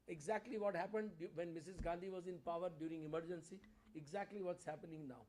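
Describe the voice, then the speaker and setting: High-voiced older Indian lecturer. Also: male voice, quick pace, darkish tone, poor audio. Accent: Indian English. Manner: impassioned, reads quotations aloud with rising emphasis. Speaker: lecturer, senior lawyer. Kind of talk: public memorial lecture. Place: conference hall.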